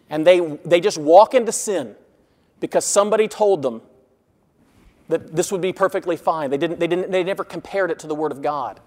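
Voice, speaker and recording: Earnest high-voiced preacher in a reverberant hall. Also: male voice. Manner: earnest, rises loud on scripture and drops quiet on asides. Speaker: pastor. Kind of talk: expository sermon.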